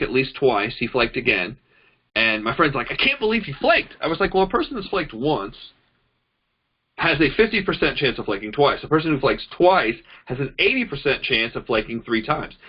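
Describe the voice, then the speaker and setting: In a lo-fi recording, a man with a mid-range voice delivers an informal network marketing training talk indoors while demonstrating on a phone. He chats and tells animated stories, performing both sides of the conversations he describes.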